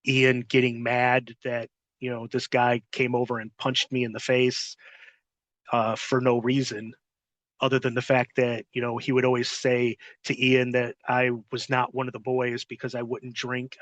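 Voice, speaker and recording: A podcast host tells stories in a blunt, heavily profane, casual interview style. His voice is medium in pitch and a bit bright, with no echo.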